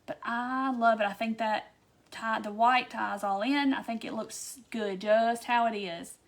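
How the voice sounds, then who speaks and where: A woman's voice: a little high, fairly even intonation, measured pace. A chatty woman hosts a casual craft tutorial livestream and answers viewer comments as she goes.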